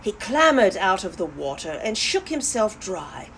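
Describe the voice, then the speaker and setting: Animated woman reading a children's story. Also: mid-range voice, unhurried, a little hiss or hum. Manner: animated, talks to young listeners. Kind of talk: children's story read-aloud.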